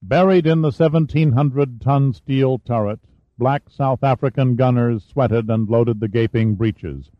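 A man narrates an audiobook in a steady, measured voice of middle pitch. The sound is dull and muffled at the top, and completely dry, with no room at all. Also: no room sound. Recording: dull dry studio recording.

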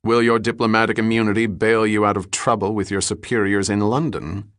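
A shrewd, hard-pressing male detective, clipped and firm in every line, as a man reads him. His voice is low and sits close and dry. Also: little pitch movement, a little fast, a bit bright, dry recording, close to an everyday voice. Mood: cold, pressing.

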